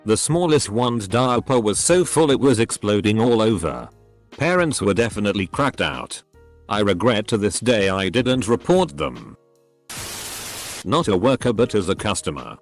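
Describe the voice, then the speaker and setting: A man narrating read-out stories in an even, matter-of-fact way. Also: lowish voice, moderate pace, faint music behind. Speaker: narrator reading online posts. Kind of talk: scripted narration.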